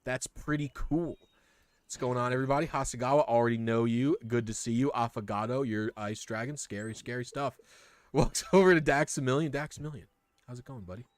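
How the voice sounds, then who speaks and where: A man's voice: mid-range voice, brisk, dry recording, close to an everyday voice. A man voicing a newborn talking fey spider that is cheerful and friendly, with a chipper, bouncy manner.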